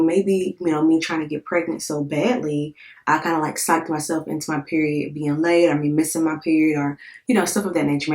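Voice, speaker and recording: A woman in her thirties, a vlogger, telling her personal story in a candid, emotional, conversational way, with lots of fillers and repeated words. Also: sits low. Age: 30s. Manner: emotional, candid, swears in quoted thoughts. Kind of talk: casual storytelling to camera.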